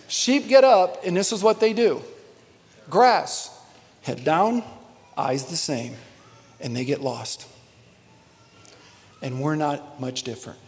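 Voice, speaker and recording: A man preaching a sermon as pastor, swinging from hushed, earnest passages to loud, animated ones. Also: sits high, slow pace, long pauses, slight background noise. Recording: long reverb of a large hall.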